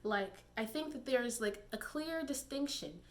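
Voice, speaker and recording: A woman's voice: on the high side, expressive, moderate pace. A young woman giving casual, digressive commentary to camera, laughing and using many fillers. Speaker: YouTube commentator.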